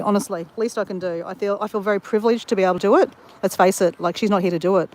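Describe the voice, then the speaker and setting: An Australian woman rambling in casual chat to her viewers as she walks outdoors. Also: mid-range voice. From Southeast Queensland, Australia. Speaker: vlogger. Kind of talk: casual livestream chat while walking. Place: outdoors near a beach.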